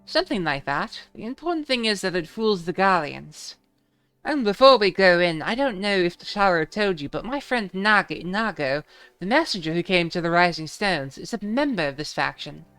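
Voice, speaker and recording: A woman voicing an airy young British woman who leads the way, in a light, measured put-on British accent. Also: on the low side, animated, a bit bright, clean tone, faint music behind, voice pushed up. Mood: brisk.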